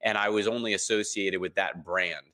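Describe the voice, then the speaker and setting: A podcast guest in his thirties chats in a relaxed interview, his bright, forward voice slipping into other people's voices whenever he quotes them. He tells stories in a lively way, full of ums. His voice is low and his pace moderate.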